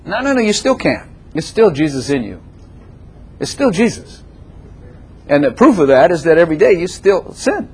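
An older man preaching a sermon as a pastor, emphatic and repetitive, swinging between loud declarations and softer asides. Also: on the high side, very animated, normal speed, pauses often, slightly rough.

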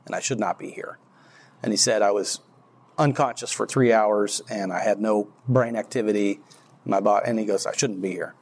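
A man giving an informal, rambling faith testimony to a group, often restarting his sentences and laughing at himself. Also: medium pitch. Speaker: church speaker.

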